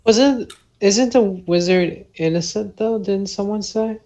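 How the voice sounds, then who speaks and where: A woman's voice: medium pitch, slow, warm tone, dull audio. A woman playing a tabletop game, asking brief clarifying questions. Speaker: player.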